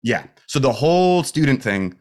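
Here the same sort of guest, a metal musician on a podcast, speaks at normal speed in a medium-pitched, darkish voice with big pitch swings. His personal story comes out candid and profane, rambling, restarting, and leaning on "dude" and "like."

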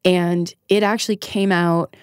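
A woman's voice: fairly low pitch, fairly even intonation, a little slow, clear, resonant tone, dry recording, studio quality. A middle-aged woman guest, a comedian and TV writer from Northern California, telling a personal story frankly and emotionally, swearing now and then. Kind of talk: candid conversational storytelling.

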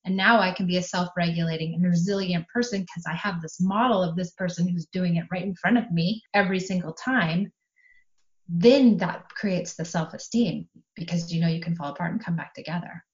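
A middle-aged woman talking about parenting in a casual podcast conversation, calm and steady, explaining her view at length. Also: on the low side, brisk. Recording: slightly dull, lo-fi sound.

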